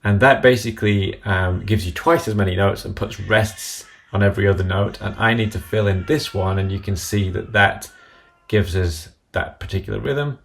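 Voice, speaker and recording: Over a screen-recorded app tutorial, a man with a very low, gravelly voice walks through each step calmly and in order. His delivery has a voice-over sound and a moderate pace.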